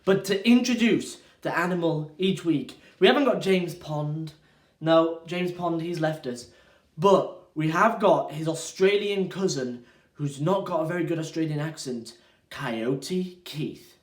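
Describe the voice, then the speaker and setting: A man's voice: on the high side, unhurried, reverberant. A man hosting a children's church show, introducing it to the children with playful energy.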